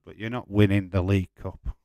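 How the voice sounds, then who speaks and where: A man's voice: sits low, steady tone, brisk, a little mellow, no echo. A man hosting a live watch-along stream, chatting casually, swearing freely and laughing while he reads viewer comments.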